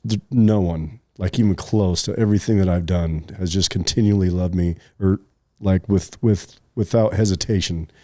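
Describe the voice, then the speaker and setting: Middle-aged guy rambling thru a story, low mellow voice, lots of likes and you knows, kinda choked up. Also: steady tone, moderate pace, no room sound, studio quality. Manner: rambling, many fillers and restarts. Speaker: podcast co-host. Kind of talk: casual storytelling chat.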